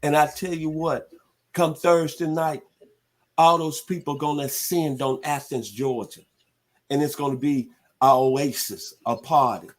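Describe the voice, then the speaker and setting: A man's voice: a little high, fairly even intonation, unhurried. A man in his sixties from the Southern United States, hosting sports talk radio in a laid-back, folksy way. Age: 60s.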